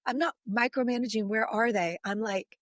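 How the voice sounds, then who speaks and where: A middle-aged woman, a podcast guest, telling a story in a lively, animated way and acting out the voices in it. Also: on the high side, moderate pace, no room sound, studio quality.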